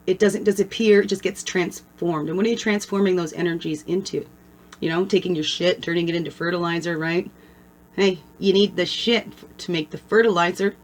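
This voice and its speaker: A woman hosting her own channel, giving a casual motivational talk to camera as a spiritual guide, conversational and blunt, often checking in with "right?". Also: medium pitch. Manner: conversational, keeps asking "right?" for agreement; blunt and earthy, mixes swearing with spiritual talk.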